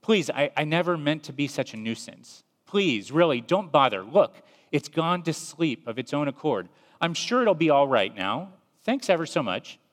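A man's voice: big pitch swings, normal speed, few pauses. A man voicing a fussy, nervous male ghost who pleads and makes excuses. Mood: flustered pleading. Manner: nervous, apologetic, higher-pitched. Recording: long reverb.

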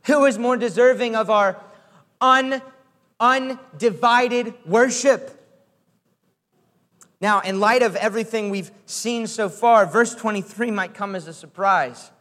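High-voiced preacher in a reverberant hall. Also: male voice, fairly bright tone. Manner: earnest, emphatic, repeats key phrases. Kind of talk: sermon.

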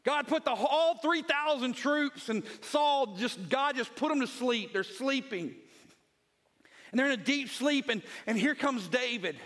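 A pastor preaching a Sunday sermon, retelling scripture as vivid storytelling and hammering points home with repeated phrases. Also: male voice, very high-pitched, lively intonation, a little slow, a bit bright.

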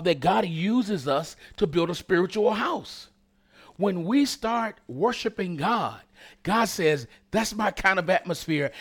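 A man delivers a sermon as pastor, his voice sitting slightly high and ranging widely in pitch. He builds to fervent peaks and keeps checking in with the congregation through call-and-response asides. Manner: preaching with rising intensity and call-and-response asides.

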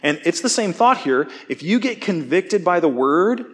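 A man giving a conversational sermon, relaxed and self-deprecating, often checking in with his listeners. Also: sits high, moderate pace. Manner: casual, self-deprecating, asks "okay?" often. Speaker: preacher.

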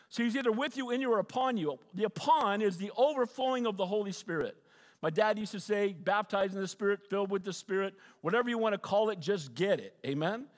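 A man's voice: sits high, in a large hall. A middle-aged man, a pastor, preaching a sermon and often asking the congregation for an amen.

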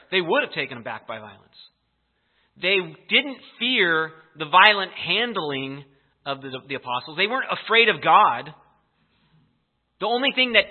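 A man preaching a sermon, telling the story in an animated, emphatic way. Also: on the high side. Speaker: pastor. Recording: tinny phone-like audio.

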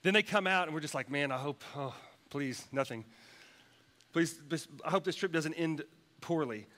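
A man's voice: a little high, normal speed, fairly bright tone. A man preaching a sermon, telling a personal story with many restarts and repeated words. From United States. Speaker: pastor.

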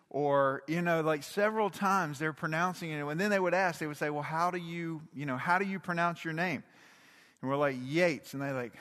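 A man's voice: fairly high pitch, a bit bright. Folksy man preaching in a reverberant hall. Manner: conversational, folksy storytelling with asides. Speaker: pastor. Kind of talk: casual midweek sermon. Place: church sanctuary.

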